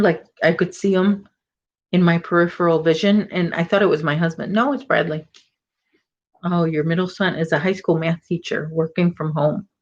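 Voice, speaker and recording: A woman's voice: on the low side, darkish tone, dull audio. A middle-aged woman hosting a casual crochet live stream, chatting and rambling as she reads viewer comments. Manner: chatty, rambling, self-correcting. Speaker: crochet channel host.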